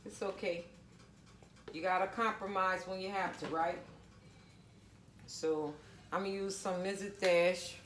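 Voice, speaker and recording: A woman's voice: on the low side, fairly even intonation, takes it slowly, long pauses, reverberant, slight background noise. A woman casually talking viewers through a home cooking recipe, chatty and down-to-earth. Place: home kitchen.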